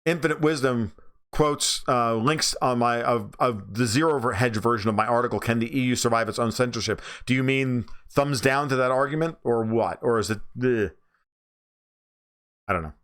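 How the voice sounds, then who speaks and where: A man's voice: mid-range voice, normal speed, a bit bright, clear, resonant tone. A man with a New York accent hosting a livestream, talking bluntly and profanely while reading viewer comments. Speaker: livestream host.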